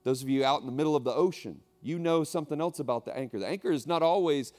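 Pastor guy preaching, kinda high voice, goes from quiet to shouting, repeats lines for drama. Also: quick pace. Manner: dramatic, repetitive preaching with wide swings in loudness. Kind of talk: sermon.

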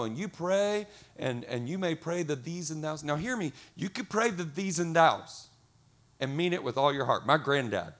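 Middle-aged male pastor, lively sermon delivery with acted-out voices, slightly high-pitched. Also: moderate pace. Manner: lively, acts out quoted voices.

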